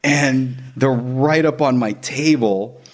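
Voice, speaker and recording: A man telling a story in casual chat, animated, laughing often and acting out the voices of the people in it. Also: mid-range voice, slow pace.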